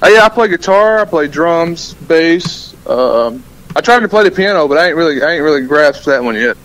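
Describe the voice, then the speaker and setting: A man's voice: fairly high pitch, animated, normal speed, fairly bright tone, rough recording. A man from Alabama, a country musician, talking easily and laughing often in a phone interview. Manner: easygoing, laughs a lot.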